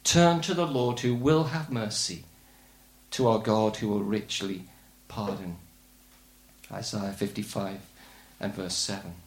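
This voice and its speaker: An older man preaching a sermon with earnest, measured emphasis. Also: on the low side, roomy sound.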